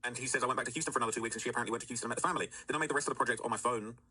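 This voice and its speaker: A man's voice: mid-range voice, very fast, sharp tone, breathy edge, low-quality recording. A man hosting casual commentary, talking in a rambling way with many fillers and "all right?" checks. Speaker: commentary host.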